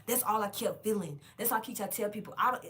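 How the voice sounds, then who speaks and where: A woman vlogger telling a casual storytime monologue straight to her viewers, animated and emphatic, with plenty of swearing. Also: mid-range voice, fast talker. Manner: directly addresses viewers.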